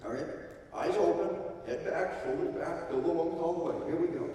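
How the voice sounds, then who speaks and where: An older man giving a live seminar lecture, leading a slow counted breathing drill in a folksy, commanding way. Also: fairly high pitch, dark tone. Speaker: seminar speaker. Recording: echoey hall from far off.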